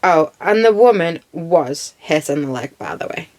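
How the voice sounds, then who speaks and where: A woman's voice: sits low, expressive, moderate pace, darkish tone. A woman giving blunt, indignant commentary over video footage and swearing freely. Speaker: true crime commentator.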